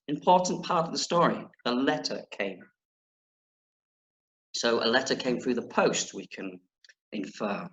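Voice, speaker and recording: A man's voice: medium pitch, very animated, measured pace, long pauses, a bit bright. A man teaching children in an online reading lesson, playful and jokey, then reading a story aloud with expression. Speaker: primary school teacher. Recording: echoey room.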